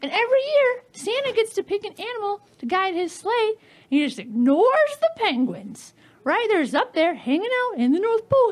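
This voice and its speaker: A woman comedian doing a stand-up set of dark one-liners, giggling at her own jokes on a club stage mic. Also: very high voice, big pitch swings, brisk. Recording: live club set with audience laughter and noise.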